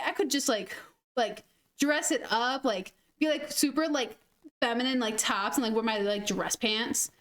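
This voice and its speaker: A young woman chats over her gameplay in a high, bright-sounding register. She rambles loosely from thought to thought and giggles often. Her talk is peppered with "like". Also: moderate pace. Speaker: gaming streamer. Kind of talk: casual chat over gameplay.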